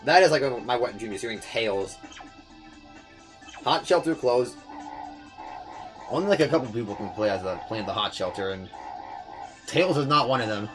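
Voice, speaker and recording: A young man giving casual gameplay commentary, fast-talking, swearing, often stumbling over words. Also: medium pitch, animated, over music. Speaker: let's player.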